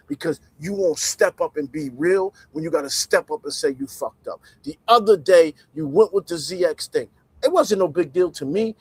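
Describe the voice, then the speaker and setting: A man giving casual livestream commentary in an animated, conversational way, swinging between loud emphasis and muttered asides. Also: high-pitched, slightly rough, low-quality recording.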